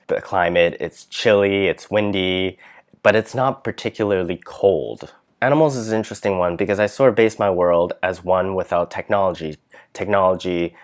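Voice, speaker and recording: A man hosting a casual writing vlog, chatty and thinking aloud, his voice dipping at the ends of phrases. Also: sits low. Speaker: vlog host, writer.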